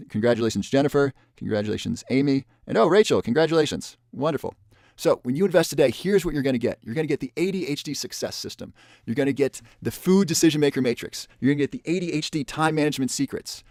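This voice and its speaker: A man's voice: medium pitch, creaky, a little mellow, no echo. Pushy webinar salesman, dry close sound. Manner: pushy salesman tone, repeats offers and counts down spots. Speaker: webinar presenter.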